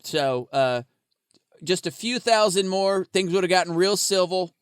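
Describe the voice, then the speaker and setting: Slightly high-voiced guy hosting a podcast, rambly and swears a lot, dry close mic. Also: animated, unhurried, clear, resonant tone, no echo. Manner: rambling, swearing, laughing often. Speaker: podcast co-host. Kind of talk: casual podcast chat.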